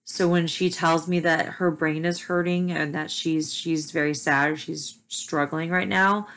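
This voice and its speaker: A young mother talking candidly to camera, soft and hesitant, with frequent ums and restarts. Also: low voice, fairly even intonation, measured pace. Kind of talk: candid personal talk to camera.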